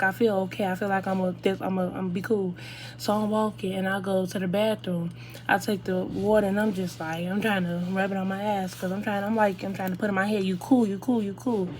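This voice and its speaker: A woman's voice: medium pitch, a little hiss or hum. Young woman rambling through a storytime. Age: young adult. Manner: rambling, animated retelling with slang. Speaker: vlogger. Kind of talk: casual storytime.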